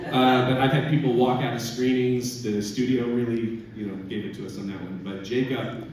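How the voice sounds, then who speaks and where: A man, a filmmaker, telling a lively anecdote at a live audience Q&A, often laughing as he talks. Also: medium pitch, normal speed. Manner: lively storyteller, often laughing through his words. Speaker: filmmaker answering audience questions. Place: event hall with an audience. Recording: echoey hall from far off, loud noise.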